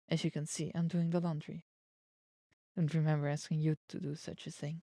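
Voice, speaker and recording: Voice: medium pitch, vocal fry, dry recording. A streamer reading a visual novel's text aloud and reacting playfully, dropping in Japanese words. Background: soft game music.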